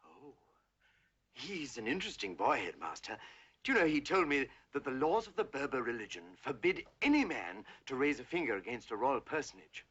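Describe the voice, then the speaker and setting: A fussy, husky-voiced schoolmaster. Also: male voice, mid-range voice, very animated, moderate pace, fairly bright tone. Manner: fussy and deferential. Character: timid, fussy male assistant headmaster. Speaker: assistant headmaster. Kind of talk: 1960 British film comedy acting. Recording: dull old film soundtrack.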